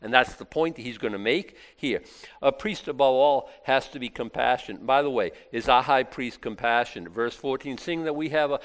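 A man's voice: medium pitch, normal speed. A middle-aged man preaching a casual, conversational sermon, acting out little asides and laughing now and then. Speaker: pastor.

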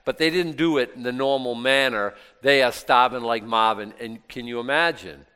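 A man's voice: mid-range voice, moderate pace, bright, forceful tone, clean tone, big-room sound. A man leading a Bible study, reading verses aloud with raised voice and adding casual, sarcastic comments in between. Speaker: Bible teacher.

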